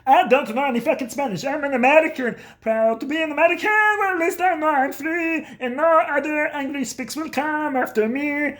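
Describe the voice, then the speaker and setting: A man's voice: extremely high pitch, brisk, few pauses, fairly bright tone, voice pushed up. A man doing his cranky cursing dad. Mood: defiant. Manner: gruff, scolding, profane. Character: cranky foul-mouthed middle-aged father.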